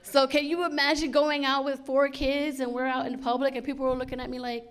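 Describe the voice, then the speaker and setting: A woman's voice: sits high, flat delivery, brisk. A middle-aged woman performing a stand-up comedy set, chatty and punchy, acting out lots of quoted lines. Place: on stage at a comedy show.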